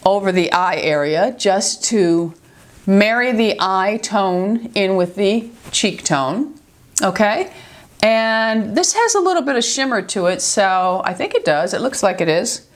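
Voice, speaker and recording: A woman's voice: mid-range voice, lively intonation, a little slow. Chatty older woman with a New York accent. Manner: chatty and affectionate, often checks in with "okay?". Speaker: beauty vlogger. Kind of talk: makeup tutorial.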